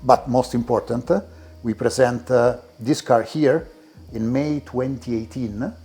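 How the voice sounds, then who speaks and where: A man with an Italian accent, a car collector giving a tour of his garage and talking in halting English with many restarts. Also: mid-range voice, steady tone, warm tone, breathy edge. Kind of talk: casual interview while walking a car collection. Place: indoor garage.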